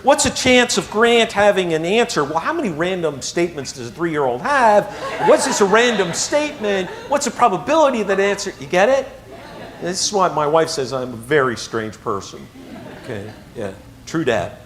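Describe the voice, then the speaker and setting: A man tells a personal story to a live audience. His delivery is animated and swings from hushed to excited. His voice sits fairly high and moves across a wide range. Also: normal speed, a little hiss or hum. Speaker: motivational speaker.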